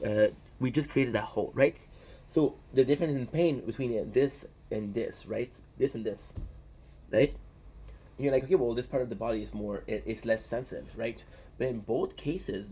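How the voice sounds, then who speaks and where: A channel host whose first language is French delivers a loose, rambling monologue, tacking "right?" onto almost every point and often restarting phrases as he thinks aloud. His mid-range voice is dark and soft-edged, slightly husky with a breathy edge.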